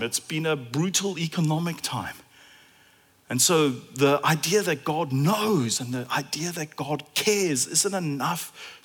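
A man with a South African accent preaching a sermon, animated and repeating phrases for emphasis. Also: on the high side. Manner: animated, acts out imagined dialogue in different voices.

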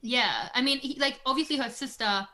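A woman's voice: sits high, animated, moderate pace, sharp tone. A woman guest on a podcast, chatting casually and thinking aloud with fillers. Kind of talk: casual chat.

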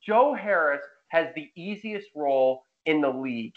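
A man's voice: fairly high pitch, normal speed, few pauses, muffled recording. Emphatic young man ranting on a podcast. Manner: emphatic, roasting rants. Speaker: podcast host. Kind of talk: casual sports podcast chat.

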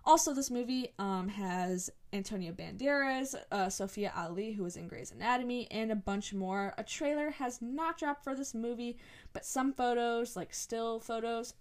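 A young woman hosting a solo podcast episode in casual chat, talking in a rambling, excited way full of "like" and "um". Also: a little high, moderate pace. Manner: chatty and rambling, lots of "like" and "um", excited. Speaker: podcast host.

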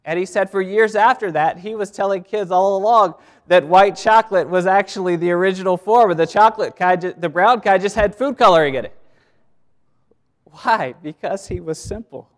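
A man's voice: high-pitched, moderate pace. A male pastor preaching a sermon in a conversational way, repeating words and laughing as he goes.

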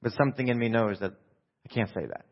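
A middle-aged man gives a calm, understated sermon full of little fillers and restarts. His voice carries the long reverb of a big church hall. The recording has a slightly dull, lo-fi tone. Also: brisk. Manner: calm, low-key, self-deprecating delivery with many fillers. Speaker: preacher. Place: church sanctuary during a service. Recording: echoey hall, dull lo-fi sound.

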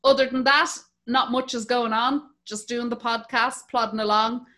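A middle-aged woman chats away as a podcast host, casual and a little salty. Her voice sits a touch high and rings bright and forward. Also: flat delivery, moderate pace. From Ireland. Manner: chatty, swears casually, acts out quotes. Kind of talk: casual chat.

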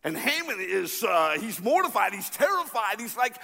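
A man preaching a sermon, telling a story with lively acted-out voices. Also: sits high, moderate pace, creaky, long reverb tail. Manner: animated storytelling, acting out characters. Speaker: pastor.

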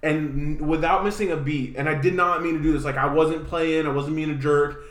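A man's voice: a little high, steady tone, fairly quick, a bit bright. Man telling rambling stories in a roomy echo. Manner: rambling storyteller, laughs often. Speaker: podcast co-host. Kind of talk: casual chat.

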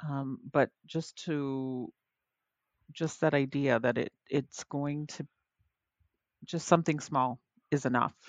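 A woman's voice: extremely low pitch, fairly even intonation, takes it slowly, pauses often, no room sound, dull audio. A woman hosting a podcast in casual chat, speaking hesitantly and searching for her words. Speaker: podcast host.

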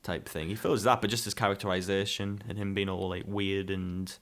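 A man's voice: low voice, flat delivery, brisk, a bit bright. A man chatting casually about a TV show, rambling and repeating words as he goes. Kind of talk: casual chat reviewing a TV show.

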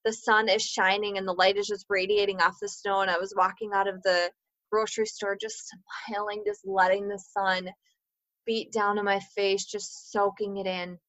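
A woman's voice: mid-range voice, normal speed, fairly bright tone, dry recording, poor audio. A woman in her thirties speaking candidly to listeners about co-parenting, earnest and full of "like" fillers, swearing freely. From Minnesota, US.

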